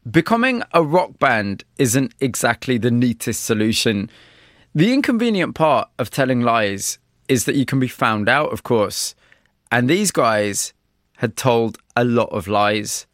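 Male host-narrator, measured, probing questions; dry, close sound. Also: mid-range voice, very animated, fairly bright tone, dry recording. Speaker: interviewer and narrator. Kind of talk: documentary-style interview and narration.

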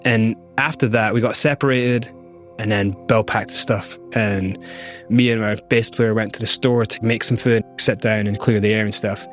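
A middle-aged man telling his own story in an interview, animated and acting out what others said. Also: on the low side, normal speed, faint music behind. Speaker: guest.

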